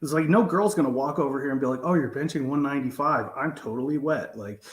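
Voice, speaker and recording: A man's voice: medium pitch, fast talker, roomy sound. A man co-hosting a podcast, chatting casually and acting out quotes in his stories, swearing freely. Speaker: podcast co-host. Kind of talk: casual chat, storytelling.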